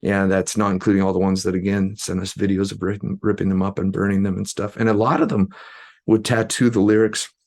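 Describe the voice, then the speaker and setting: A man from Canada telling a personal story as a podcast guest, in an earnest, halting way with many fillers and restarts. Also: low-pitched, flat delivery, vocal fry, darkish tone. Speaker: guest musician.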